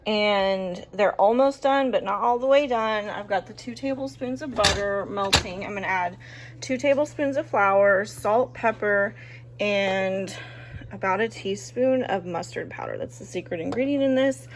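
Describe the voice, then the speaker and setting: A woman casually chatting through a home cooking vlog in her kitchen, relaxed and joking, with plenty of ums. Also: medium pitch, a little slow, noisy background. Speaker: cooking vlogger.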